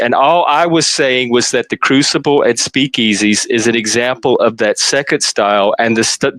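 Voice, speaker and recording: A man's voice: mid-range voice, fairly bright tone, no echo, low-quality recording. A man hosting a live stream chat, explaining his point steadily and insistently. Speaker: host. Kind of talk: casual debate on a live stream.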